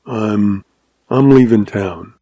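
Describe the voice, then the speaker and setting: A man voicing a quiet, steady young cowboy. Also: fairly low pitch, dry recording, muffled recording. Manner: slow, quiet.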